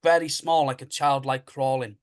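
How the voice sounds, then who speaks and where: Rambling man with flat delivery. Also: medium pitch, normal speed, clear, resonant tone. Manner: rambling, repeats himself, retells dialogue. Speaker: paranormal investigator guest. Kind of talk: casual storytelling.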